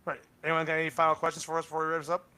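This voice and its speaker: A man co-hosting a casual live podcast, joking around, laughing often and agreeing with a quick "right, right, right.". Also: a little high, monotone, bright, forceful tone, clean tone. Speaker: podcast co-host.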